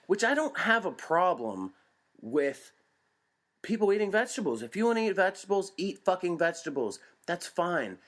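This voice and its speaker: A man's voice: on the high side, a bit bright. A man co-hosting a comedy talk show, ranting heatedly with lots of swearing. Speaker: podcast co-host. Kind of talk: profane ranting comedy chat.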